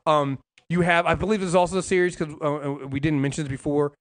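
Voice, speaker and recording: A man's voice: fairly high pitch, level tone, fast talker. A man co-hosting a casual podcast, talking in long rambling runs with many restarts and some swearing. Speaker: podcast co-host. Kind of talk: casual comics podcast chat.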